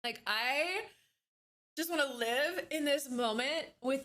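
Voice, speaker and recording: High-voiced excited woman streamer. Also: takes it slowly. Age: 30s. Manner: enthusiastic and animated, swears casually. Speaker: livestreamer. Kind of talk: casual livestream chat. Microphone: desk microphone.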